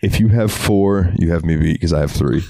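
A man co-hosting a casual podcast, laid-back and quick to laugh, trailing off with fillers. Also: sits low, gravelly, warm tone, no room sound. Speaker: podcast co-host.

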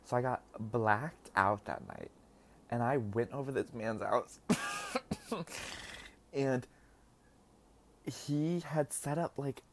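Long pauses mark this slow, mid-range male voice, with a little hiss or hum underneath. A young podcast host, he eats indoors while recording and shares personal stories casually, chatty and quick to laugh, saying "like" a lot.

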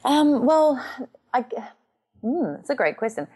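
A woman's voice: high-pitched, big pitch swings, slow, warm tone, breathy edge. A woman in her thirties from New Zealand, chatting animatedly as a podcast guest and acting out quotes. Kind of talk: casual conversational interview.

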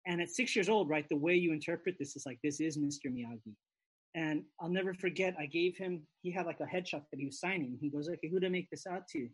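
Husky high-voiced man telling stories. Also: brisk. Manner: animated anecdote telling with quoted voices. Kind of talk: casual chat.

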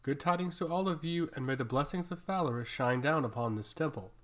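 Cutting proud priestess lady read by a guy, kinda high voice, audiobook. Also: fairly quick, natural voice. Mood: formal. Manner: curt and cutting. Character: proud powerful woman priestess, sharp-tongued. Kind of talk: audiobook character reading.

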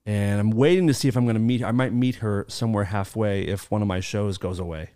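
A man's voice: fairly low pitch, fast talker, mellow. A middle-aged man hosting a podcast, chatting casually with loose jokes and free swearing. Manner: loose and joking, swears freely. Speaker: podcast host. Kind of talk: casual comedic chat.

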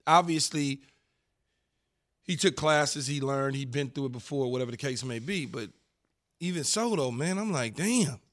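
A man's voice: mid-range voice, moderate pace, long pauses, fairly bright tone. A man co-hosting a sports radio show in casual banter, emphatic and prone to repeating himself.

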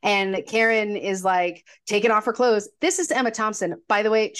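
A woman's voice: mid-range voice, normal speed. A woman co-hosting a podcast, retelling movie scenes in casual chat and acting out the characters' lines. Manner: animated storyteller, acts out quotes. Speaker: podcast co-host.

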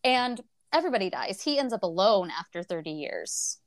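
A woman's voice: mid-range voice, big pitch swings, normal speed, slight background noise. A woman co-hosting a podcast in a casual book chat, laughing often and swearing freely. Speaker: podcast co-host.

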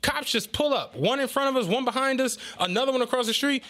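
A man with a fairly high voice co-hosts a podcast in relaxed, casual chat. He tells stories in an animated, loose, conversational way. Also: fast. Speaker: podcast co-host.

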